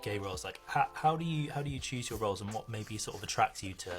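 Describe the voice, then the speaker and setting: A man's voice: on the low side, expressive, quick pace, music in the background. A man interviewing guests, asking friendly questions with some hesitation.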